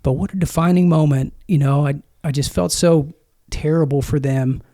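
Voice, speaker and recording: A man in his thirties, a former Marine, speaking as a podcast guest in an earnest, reflective way, with frequent pauses and restarts. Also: fairly high pitch, steady tone, warm tone. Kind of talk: conversational interview storytelling.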